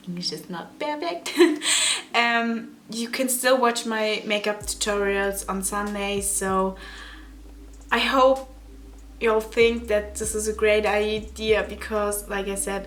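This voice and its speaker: A young native German speaker with a German accent and a medium-pitched, slightly bright voice chats casually to her camera as a beauty vlogger. She giggles, apologizes, and searches for English words.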